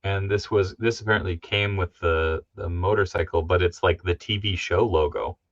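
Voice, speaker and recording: A man hosting a livestream, chatting casually about toys in a rambling, excitable way and laughing often. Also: deep voice, moderate pace, no echo. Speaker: livestream host. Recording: dull lo-fi stream audio.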